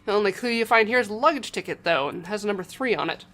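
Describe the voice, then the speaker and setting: A woman's voice: mid-range voice, animated, fast talker, fairly bright tone. A woman streaming a game, reading its text aloud with wry, joking asides.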